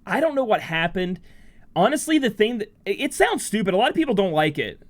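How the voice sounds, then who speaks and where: A man's voice: high-pitched, big pitch swings, brisk. A man streaming a mobile game, chatting casually and reading his chat as he rambles emotionally and swears freely. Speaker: game streamer and content creator.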